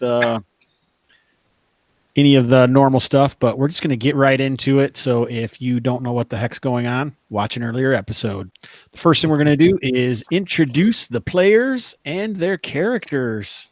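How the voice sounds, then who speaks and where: A man's voice: medium pitch, no echo. A man hosting and running a tabletop role-playing game as game master, upbeat and laughing often.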